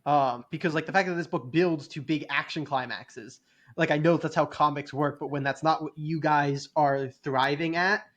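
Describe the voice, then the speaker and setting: A man's voice: fairly high pitch, steady tone, moderate pace, a bit bright. A man co-hosting a podcast in casual chat, loose and hedging, with lots of fillers. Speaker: podcast co-host.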